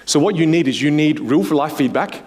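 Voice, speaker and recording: A man coaching participants at a workshop, animated and acting out the voices he quotes. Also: a little high, brisk. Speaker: communication coach. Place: workshop room.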